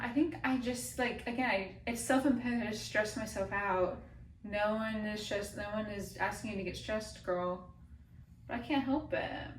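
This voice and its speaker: A woman's voice: medium pitch, distant mic. A young woman in her twenties chats to her phone camera at home, rambling and anxious, with a self-mocking edge. Her voice sits mid-range. The room is echoey, with faint noise behind her. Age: 20s. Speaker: vlogger. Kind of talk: casual vlog chat. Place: room at home, moving around while working out. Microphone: phone camera, sometimes from across the room.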